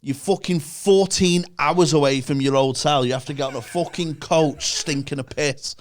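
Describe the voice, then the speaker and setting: A man's voice: fairly high pitch, normal speed. A young man with a Northern English accent, a podcast guest ranting and telling stories in casual, sweary chat.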